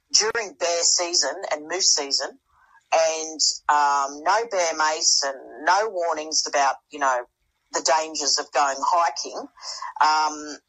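A middle-aged woman, speaking as a podcast guest. Her voice is husky and sits fairly low. She tells her story in a loose, animated way, stumbles over restarts, and jumps up in pitch to play the people she quotes. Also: low-quality recording. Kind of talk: casual storytelling.

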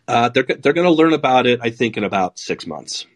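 Male podcast host, sardonic and profane, slightly husky voice, mid-pitched; casual political riffing. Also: animated, fairly quick.

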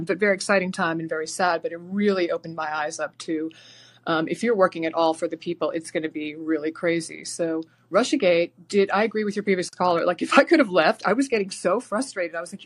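A woman calling in to a talk show, rambling excitedly with many fillers and restarts. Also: lowish voice. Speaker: caller.

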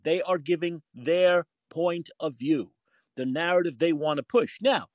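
Brief: male podcast host, lively swooping delivery, dry close sound, opinionated. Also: on the high side, moderate pace, no room sound. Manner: animated, emphatic, opinionated. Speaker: former film critic. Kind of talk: casual call-in talk.

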